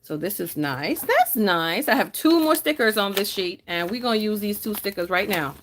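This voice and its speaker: A chatty woman talks to her live chat while she plans. She teases viewers and laughs easily, and her pitch swings up and down. Her voice sits in an ordinary middle range. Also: animated, moderate pace, fairly bright tone, a little hiss or hum. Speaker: planner vlogger reading live chat.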